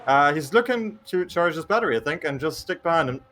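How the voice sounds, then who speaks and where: A man's voice: fairly high pitch, lively intonation, quick pace, fairly bright tone, a little hiss or hum. A man co-commentating a live sim race in a dry, teasing way. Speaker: sim racing caster.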